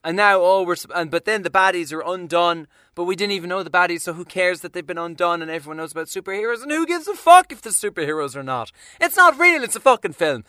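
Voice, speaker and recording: A man's voice: high voice, lively intonation, fast, hardly any pauses, pushed and bright, clean tone, no room sound, studio quality. A young man giving a sarcastic, profane and rambling casual film review.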